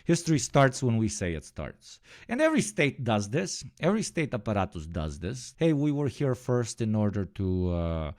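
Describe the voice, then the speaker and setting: A man streaming live, reacting to news in a sardonic tone, swearing and swinging from low mutters to loud outbursts. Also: sing-song, moderate pace, few pauses, dry recording, clean studio sound.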